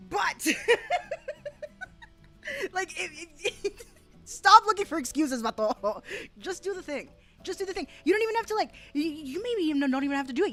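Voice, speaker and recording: A woman streamer ranting in casual reaction commentary, swearing freely and often breaking into laughter. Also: a little high. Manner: profane, animated ranting with frequent laughter. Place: home, rural area.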